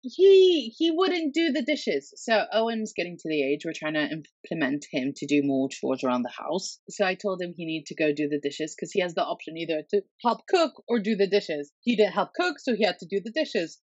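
A woman with a lowish voice tells parenting stories in casual podcast chat, animated and swearing freely as she acts out what people said. The sound is dry and a little dull, like a lo-fi recording. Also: brisk, few pauses, dry recording. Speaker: podcast guest, mother.

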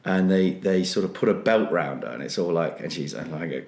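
A man with a somewhat low voice spins a comic anecdote in a meandering, filler-heavy way, breaking into the voices of the people in his story. The recording has a noticeable roomy echo. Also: fast talker, hardly any pauses. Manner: animated, loose storytelling full of fillers, acting out other people's voices. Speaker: comedian and podcast co-host.

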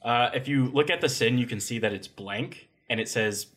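Acting as game master for a tabletop role-playing game, a man with a mid-range, slightly bright voice narrates scenes casually. He jokes and laughs, tossing in quick asides.

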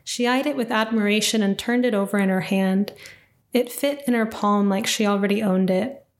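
A woman narrating a first-person story in an even, reflective reading voice. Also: medium pitch, normal speed.

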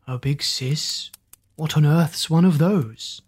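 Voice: takes it slowly, darkish tone, breathy edge. A reader doing a mumbling storybook zombie. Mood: moaning. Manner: low and mumbling. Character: moaning male zombie gang member.

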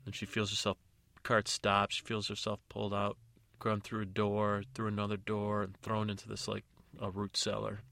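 A man's voice: lowish voice, bright, forceful tone. A man hosting a podcast, narrating a bedtime story in a meandering, loose way.

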